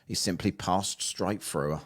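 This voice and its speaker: A man co-hosting a casual chat, reading out ghost stories haltingly and teasing his friend. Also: low-pitched, breathy edge. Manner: banters and teases, reads haltingly. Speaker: podcast co-host.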